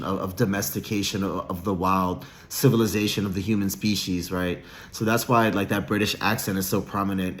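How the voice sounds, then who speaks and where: A man giving a casual solo monologue, rambling with frequent restarts and repeated words. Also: on the low side. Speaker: vlogger.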